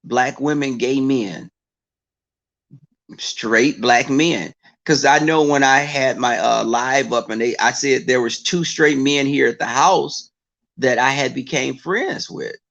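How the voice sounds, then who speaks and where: Gravelly-voiced man chatting casually. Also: medium pitch, takes it slowly, highs cut off. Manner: animated storytelling with mocking voice impressions. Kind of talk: casual chat to viewers.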